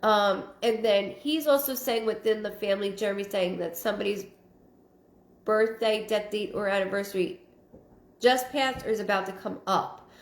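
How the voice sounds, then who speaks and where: A woman of middle pitch giving live-stream psychic readings, her words coming in broken, repeated bits as she thinks aloud. She reads viewers' comments out loud between readings, and the room around her rings with a noticeable echo. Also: normal speed. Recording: roomy echo.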